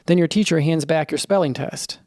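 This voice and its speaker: A man narrating a scripted children's story in the second person, in a lively storytelling manner. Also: a little high, fairly quick, no room sound, clean studio sound.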